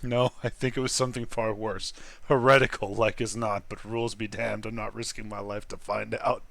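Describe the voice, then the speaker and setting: Man reading as a formal wordy cleric, stiff, bright tone, game dialogue. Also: lowish voice, level tone, normal speed, vocal fry, no echo. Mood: fearful. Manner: formal, long-winded. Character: stiff wordy male priestly official.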